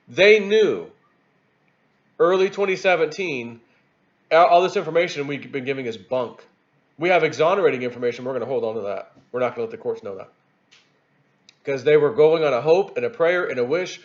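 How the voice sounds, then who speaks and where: Rambling man with a fairly high voice. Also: lo-fi sound. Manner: animated, rambling, repeats himself and stumbles over words. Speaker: YouTube commentator. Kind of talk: rambling political commentary vlog.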